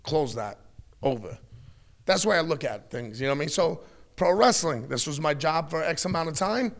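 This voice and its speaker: Middle-aged man, slightly high voice, blunt and profane, animated storyteller. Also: moderate pace, vocal fry. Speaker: wrestling guest. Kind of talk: candid interview talk.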